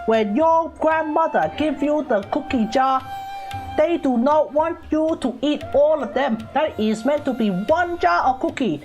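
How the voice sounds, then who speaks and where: A woman's voice: sits high, animated, a little slow, a little mellow, soft background music, voice pushed up. A woman putting on the voice of an exasperated, nagging grandmother with broken grammar. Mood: scolding. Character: scolding old grandmother, exasperated.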